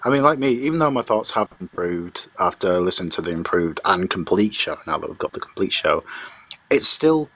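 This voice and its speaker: Low-voiced man, hesitant. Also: animated, a little fast, fairly bright tone. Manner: hesitant, restarting phrases. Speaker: panel guest. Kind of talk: casual online panel chat.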